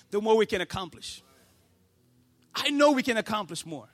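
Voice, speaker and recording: A man pastor delivering a passionate sermon to his church, building to shouts. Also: high-pitched, expressive, brisk. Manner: passionate, preaching with rising shouts.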